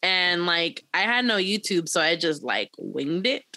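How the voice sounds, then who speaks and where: Bright-voiced young woman, podcast co-host. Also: big pitch swings, unhurried, no room sound. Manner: chatty, laughs often, quotes cartoon characters in a higher voice. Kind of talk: casual chat.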